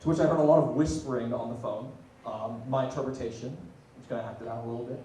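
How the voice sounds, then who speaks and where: A young man doing a stand-up comedy set, dropping deadpan asides and loud punchlines. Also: medium pitch, quick pace, distant mic. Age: young adult. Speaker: student stand-up comic. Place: small comedy venue, audience laughing. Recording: very echoey room, heard from afar.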